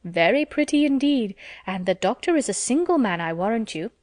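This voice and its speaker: A woman's voice: a little high, very animated, normal speed, darkish tone, no room sound, studio quality, voice pushed up. A woman doing a hearty, teasing older matron.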